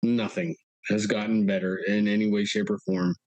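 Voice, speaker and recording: A man's voice: lowish voice, little pitch movement, normal speed, dry recording, low-quality recording. A man speaking as an interview guest in casual talk, earnest, often repeating words as he goes. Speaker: guest, local resident.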